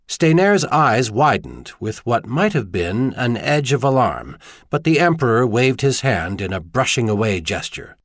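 A man reading an audiobook in scripted narration, measured and expressive. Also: mid-range voice, dry recording, studio quality.

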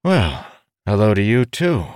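A man's voice: lowish voice, very animated, measured pace, a little mellow, clear, resonant tone, dry recording, studio quality, voice pushed up. A man voicing a stubborn, cocky young hero in a storybook. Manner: defiant, flippant.

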